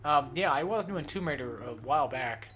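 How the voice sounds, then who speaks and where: A man's voice: on the high side, expressive, fairly quick, a bit bright, faint music behind. A young man giving rambling, self-mocking commentary while playing a video game, swearing and laughing often. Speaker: let's play host. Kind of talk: casual gameplay commentary.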